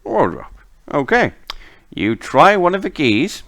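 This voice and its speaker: A man running a tabletop game as game master, narrating the scene in an unhurried way. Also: a little high, gravelly. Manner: unhurried, lively narration with laughs.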